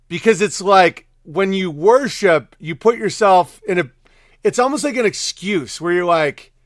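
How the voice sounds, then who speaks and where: Male stream host with a high voice, reads viewer tips and riffs casually, dry close-miked sound. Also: fairly bright tone, dry recording. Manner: loose, rambling, laughs often, shifts between quick and drawn-out phrasing. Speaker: podcast host reading viewer messages. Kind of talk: casual livestream chat.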